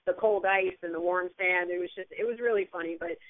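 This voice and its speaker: A woman's voice: on the low side, steady tone, brisk, no room sound. A woman co-hosting a sports radio show, chatting eagerly about the big game and its commercials. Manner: chatty and enthusiastic, frequent restarts. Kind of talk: casual sports radio chat. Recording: phone-like narrow band.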